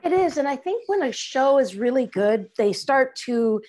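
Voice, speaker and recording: A middle-aged woman talking casually on a video call as an interview guest, animated and acting out quoted lines. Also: high voice, moderate pace. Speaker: actress guest.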